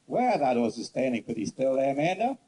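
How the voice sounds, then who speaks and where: A man horse trainer giving a casual outdoor demonstration, telling stories bluntly and coaxing a horse softly. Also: mid-range voice, very animated, fairly quick, slightly rough, low-quality recording. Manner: casual, rambling, blunt storyteller; soft coaxing talk to the horse. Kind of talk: demonstration lesson with storytelling.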